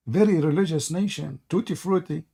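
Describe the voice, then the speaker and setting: A man hosts a heated live debate and sounds hoarse after hours of talking. His voice sits a little high yet has a dark, mellow tone. He keeps mocking his caller, sarcastic and quick to laugh. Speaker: debate stream host.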